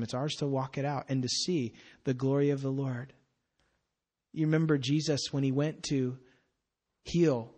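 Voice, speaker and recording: A man preaching a sermon as pastor, expressive, swinging from hushed to emphatic and repeating phrases for emphasis. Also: mid-range voice, slightly rough.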